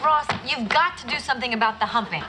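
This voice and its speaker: An actress playing a fussy, anxious young woman in a sitcom, who talks faster when she gets emotional. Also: sits high, over loud music, lightly acted. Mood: fretful. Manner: emotional, quickens when upset. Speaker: sitcom character. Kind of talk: sitcom acting.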